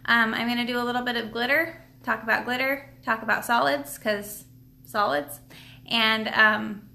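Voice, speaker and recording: Chatty woman doing a live stream tutorial at her table, rambly, lots of ums, bright edgy voice. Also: a little high, fairly even intonation, normal speed, gravelly. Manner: chatty, rambling, many fillers and restarts. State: a bit out of breath. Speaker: nail product seller and live stream host. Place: at home, seated at a table.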